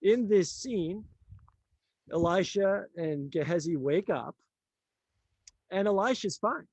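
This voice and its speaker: A man telling a story in a casual conversation, animated, acting out the lines of the people in it and laughing often. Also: high-pitched, slow, slightly rough, dry recording. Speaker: author and teacher.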